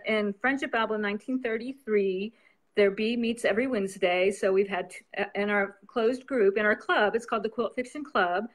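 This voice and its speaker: Woman, novelist guest, slightly high-pitched, casual chat, rambling, laughs a lot. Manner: chatty, rambling, laughs often.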